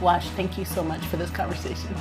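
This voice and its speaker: A woman's voice: fairly low pitch, flat delivery, fairly quick, over music. A woman hosting a podcast interview, talking in a playful, encouraging way. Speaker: podcast host. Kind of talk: conversational interview.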